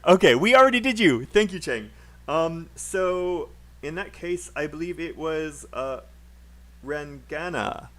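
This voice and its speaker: Guy teacher giving pronunciation tips over a video call, kinda high voice, upbeat, laughs a lot. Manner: encouraging, laughs often, corrects pronunciation. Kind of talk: live online class feedback.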